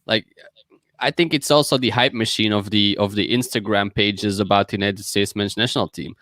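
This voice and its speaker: A man on a casual podcast, his voice sitting a bit low and recorded dry and close. He rambles through examples and keeps telling people to calm down in an exasperated way. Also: a little fast, no room sound. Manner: rambling, exasperated, lists names. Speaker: podcast co-host.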